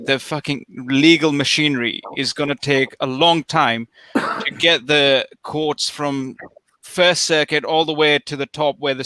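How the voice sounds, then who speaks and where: A man from Wales co-hosts a casual pub-style chat, explaining a topic at length and swearing now and then. His voice is bright and sits fairly high. The recording is close and dry. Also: no echo, low-quality recording. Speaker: podcast co-host.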